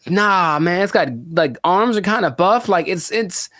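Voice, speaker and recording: A man co-hosting a podcast in casual chat, rambling in an animated way and laughing as he talks. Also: high voice, measured pace, no echo, clean studio sound. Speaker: podcast co-host.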